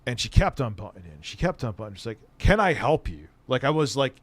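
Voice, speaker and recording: A man's voice: mid-range voice, big pitch swings, quick pace, dry recording. A man hosting his own channel, telling a casual, profane, sardonic story about an old job. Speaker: streamer and channel host.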